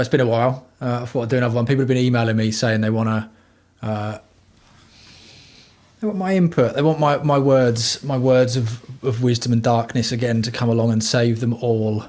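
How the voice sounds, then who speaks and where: A man's voice: medium pitch, steady tone, normal speed, a little mellow. A man hosting a casual livestream from home, talking bluntly and rambling with plenty of swearing. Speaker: livestream host.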